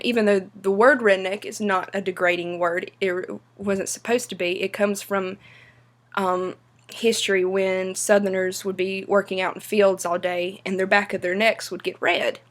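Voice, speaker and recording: A young woman from western North Carolina talks to her camera in a relaxed vlog. Her Appalachian Southern accent is strong, and her pitch stays fairly level. She takes her time, filling the gaps with soft "um"s. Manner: unhurried, many "um" pauses. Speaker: vlogger. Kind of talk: casual explanatory vlog.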